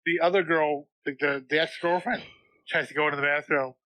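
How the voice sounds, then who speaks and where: A man co-hosts a podcast, chatting playfully about a film and acting out quotes in exaggerated voices. His pitch sits a little high. The sound is dry and close. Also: fairly even intonation, brisk, bright, forceful tone, no room sound, poor audio. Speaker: podcast co-host. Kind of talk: casual movie recap chat.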